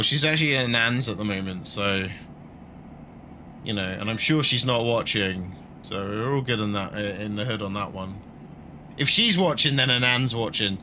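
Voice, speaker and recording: A middle-aged man talks casually over a game, rambling, joking and laughing at his own stories. His pitch sits in an everyday middle range. A faint hum of truck engine and game ambience runs underneath. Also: sharp tone. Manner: chatty, jokey, laughs often, banters with chat. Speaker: streamer playing a truck game. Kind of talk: casual live-stream chat.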